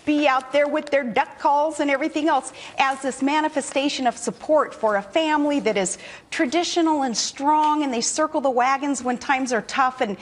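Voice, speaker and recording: A woman's voice: sits high, normal speed. A woman in her forties giving a television news interview, talking in a folksy, earnest way with many restarts and fillers. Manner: folksy, earnest speech-making. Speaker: political guest on a cable news show.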